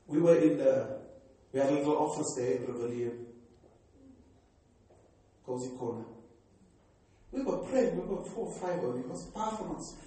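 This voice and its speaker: A fervent, exhorting older pastor with a South African accent and a warm, mellow voice pitched a little high. He is picked up from far off in a very echoey hall. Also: normal speed, long pauses. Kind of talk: sermon.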